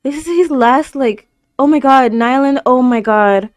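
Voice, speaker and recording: A woman with a voice that sits high hosts a reaction video, commenting live over an anime episode at an unhurried pace. She gasps, stammers, and exclaims constantly, and there's no room sound.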